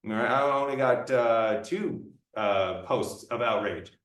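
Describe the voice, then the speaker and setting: A man's voice: medium pitch, unhurried, fairly bright tone, pitched below the performer's own voice, close to an everyday voice. A man voicing a male demon who fumbles hesitantly, recorded far off in a roomy room. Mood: surprised. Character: P demon, male, surprised and mildly competitive.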